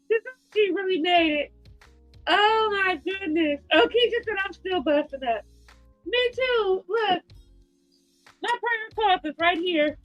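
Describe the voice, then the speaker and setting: A high, bright woman's voice, teary and giggling as she hosts a relaxed livestream chat. She keeps breaking into laughter between her words, with faint music playing underneath. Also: slow, dull audio. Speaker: host.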